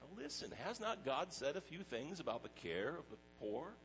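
A middle-aged pastor preaching a sermon in a conversational way, mixing personal stories with scripture. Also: male voice, on the high side, big pitch swings, moderate pace, a bit bright, a little hiss or hum, poor audio.

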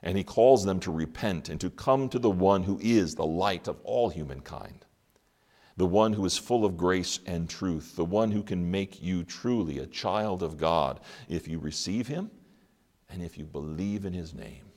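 A man preaching an Advent sermon, reading scripture aloud and asking the listeners rhetorical questions, with dramatic pauses. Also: low voice, animated, a little mellow.

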